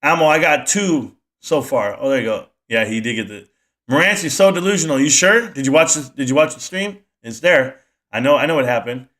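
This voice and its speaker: A man's voice: mid-range voice, animated, a little fast, fairly bright tone. A man hosting a casual live stream, rambling animatedly and answering his chat as he goes.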